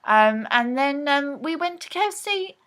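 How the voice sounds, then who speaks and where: A woman's voice: sits high, expressive, measured pace, fairly bright tone. A woman talking casually to camera in a rambling film recap vlog, full of ums and restarts. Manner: rambling, chatty, lots of ums. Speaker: vlogger.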